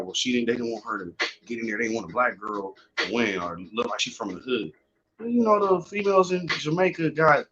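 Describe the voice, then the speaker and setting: A man's voice: medium pitch, sharp tone. Loose profane man on a lo-fi home podcast. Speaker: podcast host. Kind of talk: casual unedited home podcast with freestyle singing. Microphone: earphones headset. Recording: dull lo-fi home recording.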